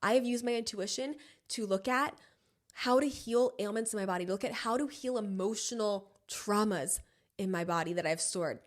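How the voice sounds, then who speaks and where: A woman's voice: medium pitch, moderate pace. A woman podcast host and self-help coach giving a casual motivational monologue, blunt and freely swearing, with frequent laughs.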